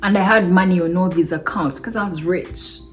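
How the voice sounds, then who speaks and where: A woman vlogger telling a personal story in a casual, animated way, often breaking into laughter. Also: fairly low pitch, normal speed, soft background music. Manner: animated, laughs between remarks.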